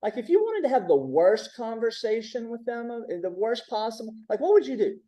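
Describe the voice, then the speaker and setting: A man's voice: extremely high pitch, sing-song, a little fast, dark tone, low-quality recording. A man giving a conversational training talk, checking in with the audience with frequent "right?". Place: symposium room.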